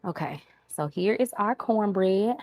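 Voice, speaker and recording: A woman's voice: medium pitch, animated, unhurried, a little mellow, no room sound. A woman with a Southern US accent, chatting casually with viewers as she cooks dinner live in her home kitchen, talking to them like friends. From Southern United States. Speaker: home cooking livestream host. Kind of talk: casual live cooking chat. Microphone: new microphone.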